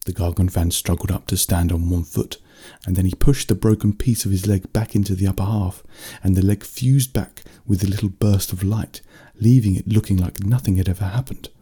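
A man narrating a bedtime story in a steady, unhurried reading voice. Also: sits low, slightly rough.

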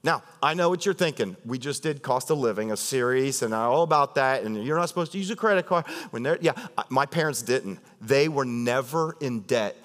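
A male pastor preaching a sermon in a conversational, animated way, often asking the congregation questions. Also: medium pitch, brisk, hardly any pauses, big-room sound.

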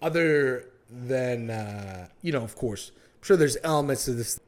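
A man's voice: medium pitch, expressive, unhurried. A man co-hosting a podcast, retelling a film plot in loose, profane casual chat with quoted voices. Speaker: podcast co-host.

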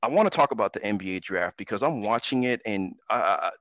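A man's voice: lowish voice, animated, quick pace, a bit bright, no echo, muffled recording. A man hosting a sports talk radio show, talking emphatically and ranting about basketball.

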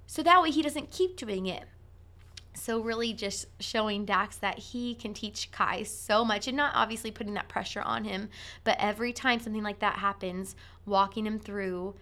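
A woman in her thirties talks casually about raising her kids, a bit high in pitch and bright in tone. She drifts into quick voices for her children as she tells each story. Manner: chatty, acts out her kids' voices. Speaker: podcast host. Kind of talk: casual parenting talk.

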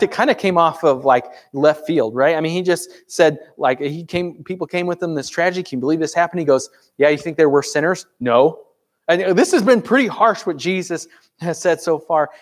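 A man preaching a sermon in a conversational way, asking rhetorical questions and acting out the voices of characters in a parable. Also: on the high side. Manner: acts out dialogue of parable characters. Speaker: pastor.

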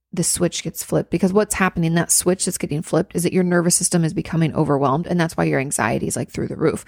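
A woman's voice: on the low side, creaky, darkish tone, dry recording, clean studio sound. A woman therapist casually answering viewer questions, chatty and full of "like" fillers. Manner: conversational, many "like" fillers.

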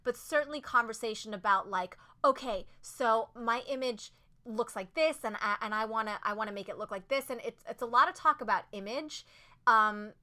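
A woman who acts on stage, talking as a podcast guest, earnest and animated, with many "like"s and restarts. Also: fairly high pitch, normal speed. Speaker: Broadway actress, podcast guest. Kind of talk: casual interview chat.

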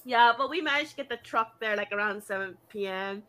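A young woman casually telling a story, animated, full of "like" and swearing, laughing often and jumping up high for quoted voices. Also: brisk, slight background noise.

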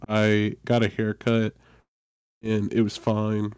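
Male podcast host, casual storyteller, self-deprecating; mellow low voice, dry close sound. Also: slow, clear, resonant tone, no echo. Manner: animated, self-deprecating, laughs often.

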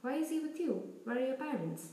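A woman's voice: high-pitched, big pitch swings, a little fast, vocal fry, mellow, reverberant, far from the mic, voice pushed up, heavily acted, poor audio. A woman reading aloud and voicing a snobbish boy wizard who drawls and sneers. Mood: sneering.

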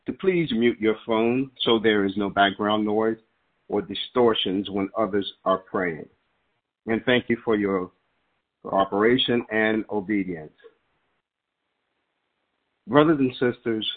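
Earnest preaching man over a phone line. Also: on the low side. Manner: earnest, emphatic preaching cadence. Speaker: prayer call leader. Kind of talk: prayer-line devotional and scripture recitation. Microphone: phone call.

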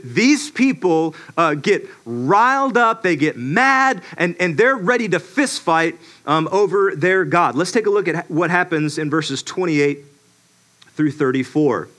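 A man with a high, bright and forceful voice leads a casual Bible lesson. He talks in a loose, conversational way, full of restarts, and slips into animated character voices. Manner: conversational, many restarts and fillers. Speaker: Bible teacher.

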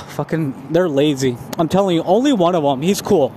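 A man's voice: fairly high pitch, a little fast, few pauses, darkish tone, a little hiss or hum. A man in a casual vlog, ranting about lazy coworkers with heavy swearing and frustrated storytelling. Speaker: vlogger.

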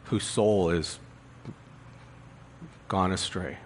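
A man's voice: low-pitched, steady tone, extremely slow, slight background noise. A male pastor preaching a sermon in an earnest, confessional way, building emphasis through rhetorical questions.

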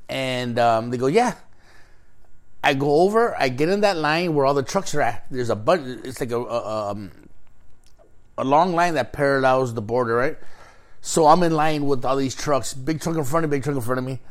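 At a normal speed and medium pitch, this man relays a long story casually in conversation. He's animated and foul-mouthed, voicing both parties whenever he quotes an exchange.

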